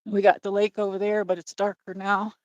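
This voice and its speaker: A woman walking outdoors at dusk and chatting to her livestream viewers, slightly out of breath. She rambles and apologizes as she goes, with a mid-pitched voice. The sound is dry and close, picked up by a phone on a gimbal. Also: little pitch movement, a little fast, no room sound, highs cut off. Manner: rambling, apologetic, talks to chat. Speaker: livestream host. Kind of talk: casual livestream chat while walking.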